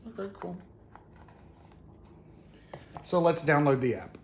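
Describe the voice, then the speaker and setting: Man, channel host, casual unboxing chat, easygoing, rambling, slightly high voice, echoey room. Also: moderate pace, darkish tone. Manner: chatty and easygoing, with loose fillers. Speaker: product reviewer and channel host. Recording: roomy echo, faint background noise.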